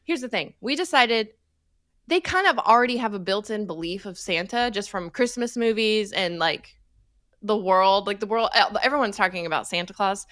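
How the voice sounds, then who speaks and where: A woman in her thirties co-hosting a podcast, telling stories in lively, animated casual chat and laughing often. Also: medium pitch, moderate pace, dry recording. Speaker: podcast co-host.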